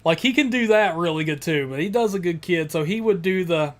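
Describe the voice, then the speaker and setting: A man's voice: sits high, lively intonation, fairly quick. Jokey man cracking crude banter. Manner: jokey and crude, breaks into impressions and laughter. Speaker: co-host of a horror podcast stream. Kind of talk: casual live-stream chat.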